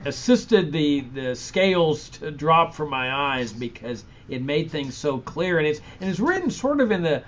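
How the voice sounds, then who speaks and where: A man in his sixties hosts a relaxed interview, mostly offering short reactions and quick questions. His voice sits a little higher than most men's. The sound is somewhat muffled. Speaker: host. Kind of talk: conversational interview. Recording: muffled, slightly dull audio.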